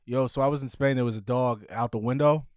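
A man's voice: mid-range voice, quick pace, darkish tone, dry recording, studio quality. Young man joking in casual podcast banter. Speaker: podcast co-host. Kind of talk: casual chat.

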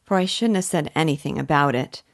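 Playful young country daughter, coaxing and affectionate, read by a woman with a low voice. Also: a little fast, creaky. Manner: lively, coaxing talk.

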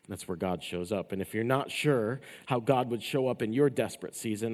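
A male pastor preaching a sermon, rising to loud emphatic passages and dropping to hushed endings. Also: mid-range voice. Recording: long reverb of a large hall.

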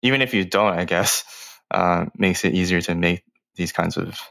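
A man's voice: low voice, moderate pace, vocal fry, a bit bright, dry recording. A man talking casually on a podcast in a thoughtful, hedging way. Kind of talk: casual conversation.

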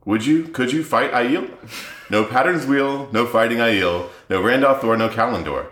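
A man's voice: mid-range voice, moderate pace, a bit bright, voice pushed up, close to an everyday voice. A man reading aloud a rhyming children's book in the voice of a villain, in a sing-song manner, with an echo around him. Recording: roomy echo.

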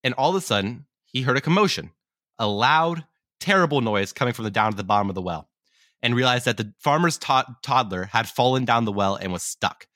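A man's voice: medium pitch, expressive, brisk, sharp tone, no room sound, studio quality. A man co-hosting a podcast, casually telling a long story and often correcting himself as he goes. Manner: rambling, self-correcting. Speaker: podcast co-host.

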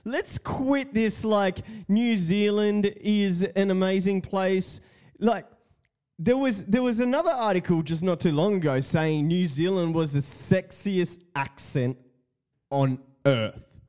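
A man's voice: high voice, takes it slowly, a little mellow. A man hosting a casual solo podcast, talking in a profane, mocking way and often laughing. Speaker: podcast host.

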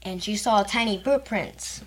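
A woman's voice: medium pitch, measured pace. A young woman from Texas, co-hosting a podcast and retelling a story in casual chat, with lots of fillers. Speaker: podcast co-host, host's daughter.

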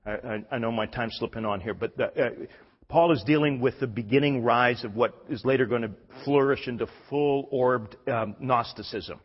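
A man's voice: mid-range voice, moderate pace, slightly rough. A man, a pastor, preaching a sermon in a church hall, emphatic and often restarting his sentences. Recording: dull recording in a reverberant hall.

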